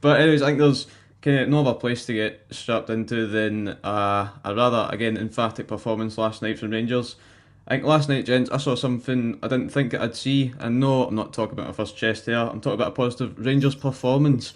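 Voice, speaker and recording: A man's voice: medium pitch, steady tone, fairly quick. A man hosting a football podcast in a loose, jokey way. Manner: jokey, loose, leads the chat. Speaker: podcast host.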